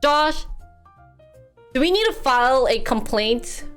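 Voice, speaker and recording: Hyper young woman streaming, bit high voice, faint music behind. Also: expressive, slow, long pauses, a bit bright, clean tone. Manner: hyper, chatty, laughs often. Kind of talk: casual stream chat.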